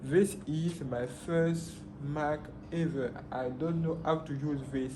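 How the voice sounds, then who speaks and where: Excitable man with a slow, higher voice. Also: background noise. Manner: excitable, repeats himself, exclaims in disbelief. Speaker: vlogger. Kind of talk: excited unboxing vlog. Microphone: phone camera.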